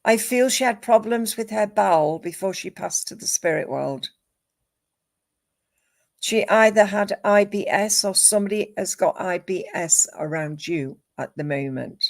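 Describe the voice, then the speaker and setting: A woman gives a live psychic reading at a slow, deliberate pace. Her voice sits in a middle range. She lists names, numbers and images one at a time, calm and measured. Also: medium pitch, creaky. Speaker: psychic medium.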